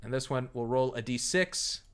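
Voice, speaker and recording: A man's voice: medium pitch, background noise. Chatty man running a tabletop game. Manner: chatty, with frequent fillers and quick laughs. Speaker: game master.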